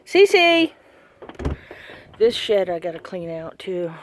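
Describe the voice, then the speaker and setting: A woman vlogger rambling casually and thinking out loud while doing chores around her home and yard. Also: mid-range voice, takes it slowly, slight background noise.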